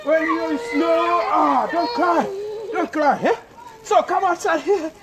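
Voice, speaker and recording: A man vlogging outdoors in the snow, playful and laughing, often shouting and repeating himself. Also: extremely high pitch, a little slow. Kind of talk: excited outdoor vlog. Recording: loud outdoor noise. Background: loud noise.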